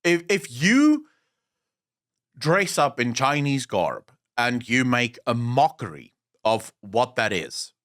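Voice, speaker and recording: A man's voice: mid-range voice, takes it slowly. A man from South Africa co-hosting a gaming podcast, telling stories in casual chat, emphatic and swearing freely. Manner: lively storytelling, swearing, emphatic. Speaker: podcast co-host.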